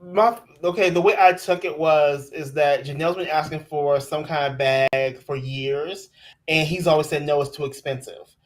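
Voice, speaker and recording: A woman co-hosting a live-streamed recap show, telling what happened in an animated, rambling way. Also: low-pitched, moderate pace. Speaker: co-host.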